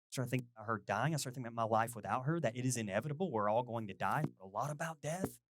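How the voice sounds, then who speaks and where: A middle-aged male pastor giving a chatty, animated sermon, poking fun at himself and acting out little conversations. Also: mid-range voice, racing, no echo, clean studio sound. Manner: animated, self-deprecating, quotes people in lively voices.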